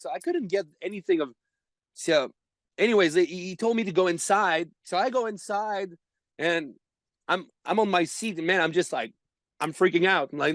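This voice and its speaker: Guy in his 30s, kinda high voice, acts out all the dialogue, dry close sound. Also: no echo. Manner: animated storyteller, acts out dialogue, laughs often. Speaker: guest baseball performer. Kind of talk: storytelling in a podcast interview.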